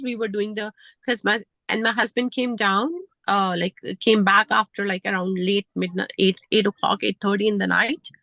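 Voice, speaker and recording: A woman, telling a personal story with animated emotion as a guest. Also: mid-range voice, no echo, low-quality recording. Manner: animated, switches into Hindi.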